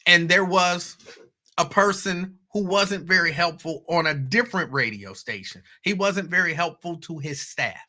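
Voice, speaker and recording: Male host, fairly high, very bright voice, casual storytelling with asides to the audience. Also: moderate pace. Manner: conversational storytelling, animated asides to listeners. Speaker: radio host. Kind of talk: casual monologue.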